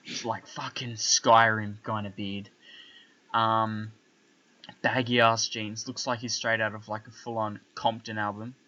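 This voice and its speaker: A young man telling a story in casual podcast chat, animated and full of swearing, asking "right?" as he goes. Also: fairly low pitch, measured pace, highs cut off. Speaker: podcast co-host.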